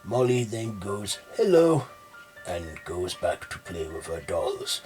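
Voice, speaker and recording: A man narrating a horror story in a slow, steady way. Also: sits low, soft background music.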